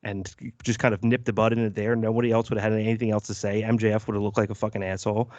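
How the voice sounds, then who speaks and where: A man's voice: on the low side, flat delivery, rapid-fire, a little mellow, no room sound, highs cut off. A man co-hosting a wrestling podcast, opinionated and profane, often stopping and restarting his sentences. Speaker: podcast co-host. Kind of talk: casual wrestling podcast chat.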